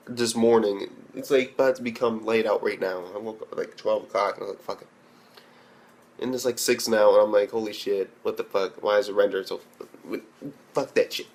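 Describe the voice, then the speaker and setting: A man's voice: lowish voice, a little mellow. A young man ranting bluntly and profanely in an anime review, rambling with restarts. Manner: profane and blunt, heavy swearing.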